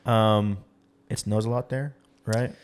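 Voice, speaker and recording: A young man hosts a casual podcast chat, speaking quickly and emphatically with a teasing edge. His voice sits a little low for a man. He delivers his opinions with playful conviction. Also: fairly even intonation. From Texas. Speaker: podcast host.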